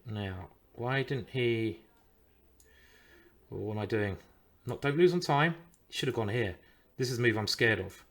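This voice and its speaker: A man's voice: mid-range voice, unhurried, pauses often, a bit bright. Man thinking aloud over chess. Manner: thinks aloud, swears and groans over moves. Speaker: chess streamer. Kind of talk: live chess commentary.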